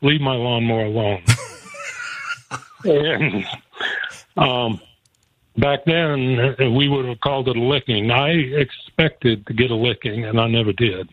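A man's voice: mid-range voice, takes it slowly, long pauses. Man telling a story over a tinny phone line. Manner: folksy, chuckling often while telling. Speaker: guest. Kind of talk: personal storytelling.

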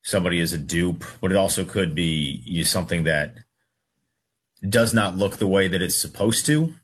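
A man in his thirties with a very deep, husky voice, sharing a relaxed story as co-host. He thinks aloud with pauses before he picks up speed and gets into it. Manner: thinks aloud, hesitant then animated. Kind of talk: casual storytelling banter.

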